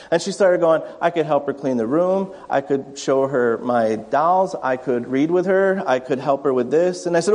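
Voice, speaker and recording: Male pastor, conversational sermon, higher voice, long church-hall reverb. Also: normal speed, hardly any pauses, a little mellow. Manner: conversational, acts out family anecdotes. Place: church sanctuary.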